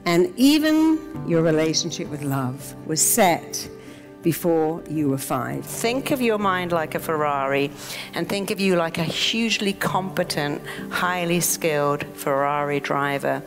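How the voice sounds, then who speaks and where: A woman therapist giving a motivational talk, lively and dramatizing inner voices. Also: deep voice, unhurried, music in the background. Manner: lively, acts out inner voices in quoted asides. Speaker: therapist and self-help speaker.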